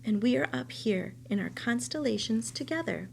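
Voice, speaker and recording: A woman's voice: fairly high pitch, lively intonation, moderate pace, creaky, slight background noise. A woman voicing the aloof night stars, who speak in a cool, taunting way. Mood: mocking.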